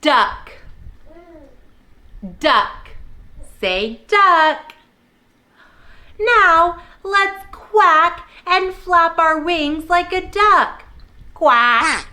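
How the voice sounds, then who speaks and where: A woman's voice: high voice, sharp tone. A young woman teaching preschoolers, prompting little kids in a cheerful sing-song way. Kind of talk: children's lesson video.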